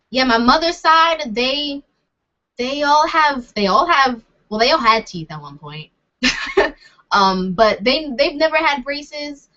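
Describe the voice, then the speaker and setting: A woman's voice: fairly high pitch, sharp tone. A young woman answering viewer comments in a casual, rambling, self-deprecating chat. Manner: chatty and rambling, self-deprecating, laughs often. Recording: dull lo-fi sound.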